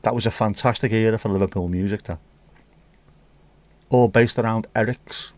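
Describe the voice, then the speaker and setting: A man's voice: lowish voice, steady tone, normal speed, darkish tone, dry recording. Chatty male livestream host. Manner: chatty, cheeky banter with viewers. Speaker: livestream host reading chat. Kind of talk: casual chat. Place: home room.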